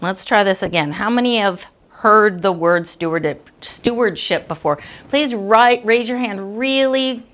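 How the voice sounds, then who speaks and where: A woman teaching a classroom lesson, talking slowly and patiently with encouraging praise. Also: mid-range voice, fairly bright tone. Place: school classroom.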